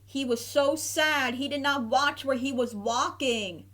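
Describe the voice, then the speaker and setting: A woman reading a children's picture book aloud, clear and gentle in her narration. Her pace is very slow and unhurried, and her voice sits a little high. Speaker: storybook reader.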